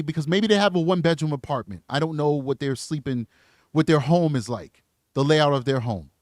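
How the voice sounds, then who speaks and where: A man hosting a live commentary stream, talking in an animated, slangy, emphatic way. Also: fairly high pitch, a little fast, no room sound, studio quality. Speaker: livestream commentary host.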